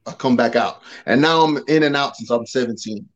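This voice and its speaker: A man who talks loud by nature, a podcast guest telling a personal testimony in casual slang and acting out the dialogue. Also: medium pitch, brisk, lo-fi sound. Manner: loud, animated, acts out quoted dialogue.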